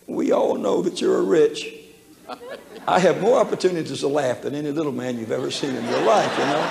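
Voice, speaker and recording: An older preacher with a higher-than-average, creaky voice of darkish tone tells a personal story during his sermon. He chuckles folksily and acts out the voices involved. The setting is a church hall, echoey and faintly noisy.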